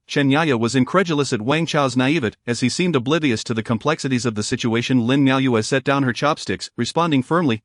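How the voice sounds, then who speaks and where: Guy reading a romance story, even and measured, mid voice, dry close sound. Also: mid-range voice, no room sound. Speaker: narrator. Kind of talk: scripted story narration.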